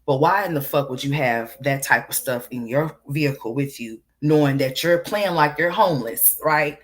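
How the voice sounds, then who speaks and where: A woman's voice: deep voice, normal speed. A woman giving a blunt, profane opinion commentary, firing off rhetorical questions. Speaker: online commentator.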